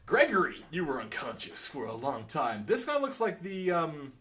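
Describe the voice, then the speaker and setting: A man co-hosting a casual game playthrough, loud and excitable, bursting into laughs. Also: a little high, moderate pace. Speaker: let's-play co-host. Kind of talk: casual gameplay commentary.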